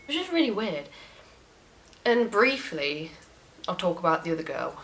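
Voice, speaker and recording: Young woman, lowish voice, casual storytime rant, swears freely, animated. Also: normal speed, creaky, a little hiss or hum, poor audio. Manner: frank, swears often, animated retelling. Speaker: vlogger.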